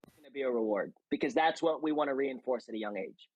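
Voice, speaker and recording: A man's voice: medium pitch, fast talker, no echo, lo-fi sound. A man speaking as a guest hitting coach, emphatic and coach-like, with many restarts. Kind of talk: casual conversational interview.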